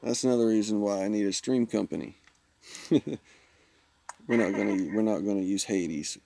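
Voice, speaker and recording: A man's voice: on the low side, a little slow, creaky, warm tone, no room sound. A man, chatting casually with viewers while streaming a mobile game. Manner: laid-back, chatty, self-teasing. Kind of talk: casual live-stream chat.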